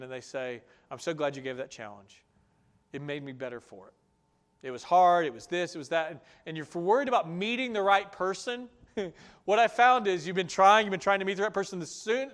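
A male pastor giving a sermon, acting out his listeners' objections and then dropping to a soft, earnest tone to reassure them. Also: high-pitched. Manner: animated, acts out listeners' objections in raised voices.

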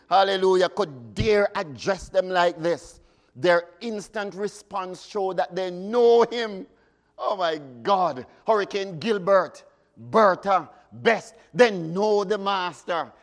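A man in the pulpit, his voice sitting high and moving at a slow, deliberate pace. He chants hymn lines, then breaks into fervent cries before dropping back to quiet, earnest teaching. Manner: fervent, rises to sudden shouts and drops to hushes. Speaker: preacher. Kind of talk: sermon.

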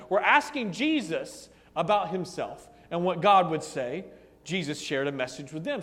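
Animated male preacher in a reverberant hall. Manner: dramatic, swinging from hushed to booming; rhetorical questions, storytelling. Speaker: pastor. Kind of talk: sermon.

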